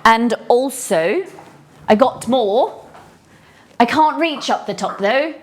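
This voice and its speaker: A woman's voice: on the high side, lively intonation, takes it slowly. An English woman hosting a casual live cooking stream from her home kitchen, chatty and rambling with cheeky asides. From England.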